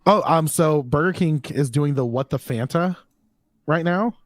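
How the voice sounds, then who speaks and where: A man's voice: a little high, measured pace, no room sound. A man co-hosting a podcast in casual chat, joking and laughing as he rambles. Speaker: podcast co-host.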